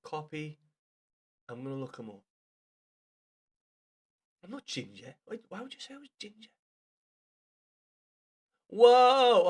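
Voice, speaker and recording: A man chatting casually to viewers on a live game stream, swearing freely and calling everyone lad. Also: a little high.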